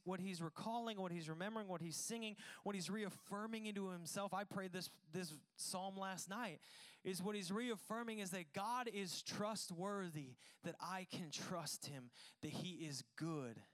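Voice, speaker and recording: A man preaching a Sunday sermon in a notably high, smooth and resonant voice. He talks earnestly and stacks repeated phrases to press each point home. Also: normal speed, fairly bright tone. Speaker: pastor. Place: church in Arizona.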